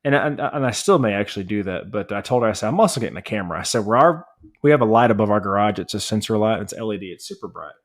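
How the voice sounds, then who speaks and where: A man co-hosting a podcast, telling a long story in an animated, rambling rant. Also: on the low side, racing. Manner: married family man. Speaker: podcast co-host. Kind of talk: casual chat.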